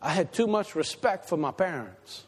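A man preaching a sermon as pastor, swinging from loud emphatic peaks to quiet asides. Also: sits high, sing-song, moderate pace, husky. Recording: long hall reverb.

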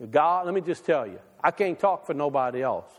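A man's voice: lively intonation, brisk. Man preaching a folksy sermon in a reverberant hall. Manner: folksy, conversational preaching with wide swings in pitch and loudness. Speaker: pastor. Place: church sanctuary.

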